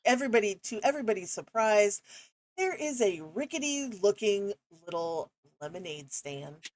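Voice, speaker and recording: A woman's voice: mid-range voice, lively intonation, moderate pace. A woman running a tabletop game as game master, talking casually with many fillers.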